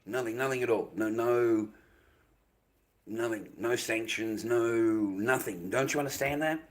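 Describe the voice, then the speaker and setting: A man's voice: mid-range voice, measured pace. An Australian man ranting angrily on a livestream, swearing heavily and repeating himself. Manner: angry, profane, repetitive ranting. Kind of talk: livestream rant.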